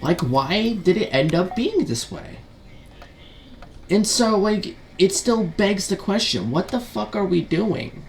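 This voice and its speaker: A man's voice: sits high, sing-song, slow, creaky, slight background noise. A man ranting as a gaming video commentator, frustrated and profane, full of rhetorical questions and repeated fillers.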